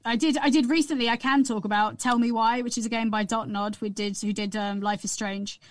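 A young woman, a guest actress, chatting on a podcast and telling lively stories about her family. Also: a little high, fairly quick, no echo. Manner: lively storyteller, often mimics her mum's accent. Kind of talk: casual podcast chat.

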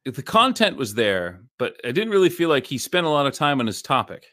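A man's voice: mid-range voice, very animated, a little fast, bright, forceful tone, no echo, studio quality. A man co-hosting a podcast, chatting in a laid-back, agreeable and drowsy way. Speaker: podcast co-host. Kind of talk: casual podcast chat. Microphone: studio microphone.

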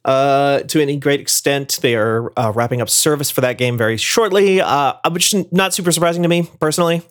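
A man co-hosting a casual gaming news podcast as a games writer, relaxed and rambling with self-deprecating asides. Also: mid-range voice, a little fast.

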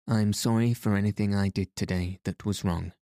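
A man's voice: on the low side, fairly even intonation, normal speed, warm tone, no room sound, clean studio sound, lightly acted. A man reading an earnest, dreamy young girl's lines in a plain, sincere tone.

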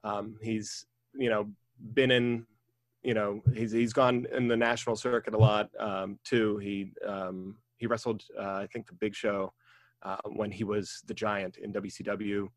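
A man's voice: lowish voice, flat delivery, a little slow, dry recording. A man, a wrestling referee telling stories in casual conversation, rambling with many ums and restarts.

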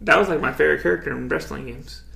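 Gravelly laid-back young guy saying "dude". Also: on the high side, rapid-fire, pushed and bright. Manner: laid-back, says "dude" constantly, swears freely. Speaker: podcast co-host. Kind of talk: casual chat. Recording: echoey room.

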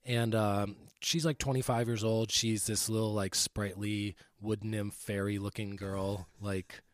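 A man co-hosting a music podcast, talking through an album pick in a relaxed, rambling way with lots of fillers. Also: on the low side, a little slow, no room sound, studio quality. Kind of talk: casual music podcast chat.

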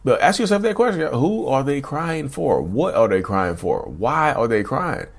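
A man hosting his own channel talks casually to camera, repeating himself and addressing viewers as y'all. His medium-pitched voice is gravelly and sing-song, at a normal speed.

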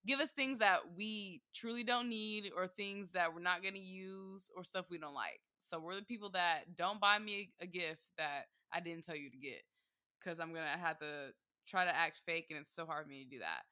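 A woman's voice: on the low side, normal speed, dry recording, studio quality. A young woman in her twenties chatting casually as co-host, telling stories with acted-out quotes. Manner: animated storyteller who acts out quotes. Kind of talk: casual chat.

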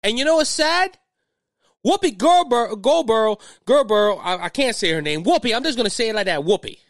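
High-voiced, agitated Cajun man. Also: expressive, moderate pace, no echo, clean studio sound. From Louisiana. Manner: agitated, rambling, repeats words. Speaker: podcast host. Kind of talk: political podcast commentary.

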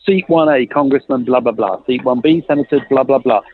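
A man's voice: medium pitch, fairly quick, breathy edge, no room sound. A man telling a long story in a chat, acting out the dialogue he quotes. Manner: lively, acts out quoted dialogue, laughs often. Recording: tinny phone-like line, dry.

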